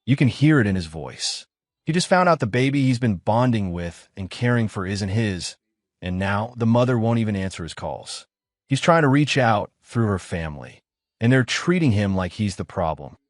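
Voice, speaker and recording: A man's voice: lowish voice, animated, moderate pace, dry recording, clean studio sound. A man narrating commentary over clips in a blunt, judgmental tone.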